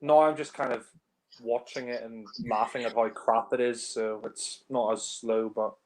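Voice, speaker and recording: A man's voice: mid-range voice, steady tone, moderate pace. A man giving casual, profane commentary on a film, blunt and exasperated, laughing often.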